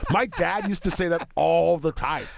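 A man's voice: a little high, normal speed, gravelly, a crowd in the background. A man guesting on a podcast as a comedian, telling stories animatedly with plenty of laughter. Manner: animated storyteller, lots of laughter. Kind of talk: casual chat.

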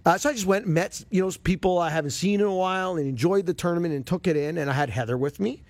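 Brief: male golf radio host, lively storyteller, slightly high voice, dry close sound. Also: fast, dry recording. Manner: animated, expressive storyteller. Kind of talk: casual storytelling chat.

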